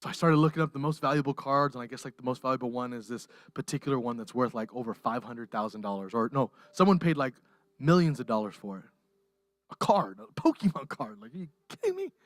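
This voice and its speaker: A pastor delivering a livestreamed sermon, impassioned and emotional, rising to near-shouts and dropping to hushed softness. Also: medium pitch, fast, dry recording. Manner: impassioned, swings from raised intensity to hushed softness. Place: church.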